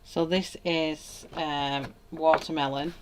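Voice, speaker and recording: A woman's voice: sits low, fairly even intonation, slow, noisy background. A woman, chatting casually at home while she colours on a livestream, greeting viewers by name and laughing often. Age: 30s. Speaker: livestream host.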